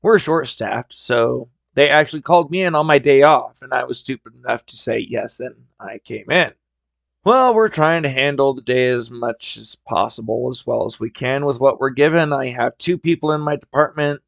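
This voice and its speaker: A man with a gravelly, slightly fried voice tells stories in a relaxed, wry podcast style. His pitch sits at an ordinary middle level for a man. The recording is dry and close, with no room sound. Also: moderate pace, no echo. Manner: wry, conversational. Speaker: podcast host. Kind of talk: casual storytelling.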